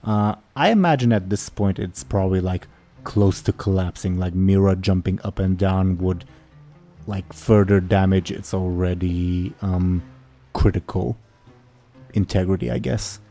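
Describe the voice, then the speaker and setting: A man's voice: low-pitched, a little slow, mellow, soft background music. A young man running a tabletop game as game master, rambling with hesitant fillers.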